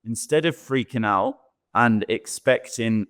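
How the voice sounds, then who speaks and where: A man's voice: on the low side, normal speed. A man co-hosting a talk show, giving earnest coaching advice and acting out quoted thoughts. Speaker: co-host, sex expert.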